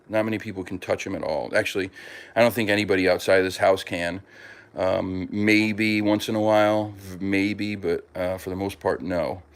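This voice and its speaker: A man chatting casually at home as a podcast host, rambling with lots of fillers and restarts and talking fondly about his pets. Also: deep voice. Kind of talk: casual chat.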